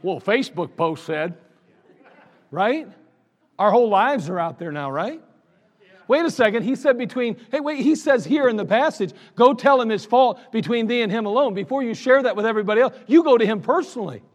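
A man's voice: very high voice, expressive, fairly quick. A man preaching a sermon as pastor, in a conversational style, reading scripture aloud and acting out little everyday scenes. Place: church sanctuary. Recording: long reverb of a church sanctuary.

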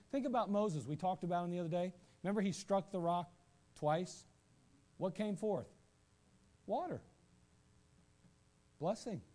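A man preaching a sermon, animated, asking rhetorical questions and acting out quoted voices, at times rising to shouts. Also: a little high. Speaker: pastor.

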